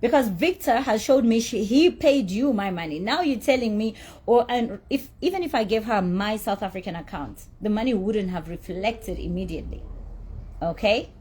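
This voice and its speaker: In a mid-range, slightly mellow voice with a breathy edge, a woman gives her side of a payment dispute at normal speed with lively intonation. Her candid monologue is blunt, indignant and profane, and she keeps repeating herself for emphasis.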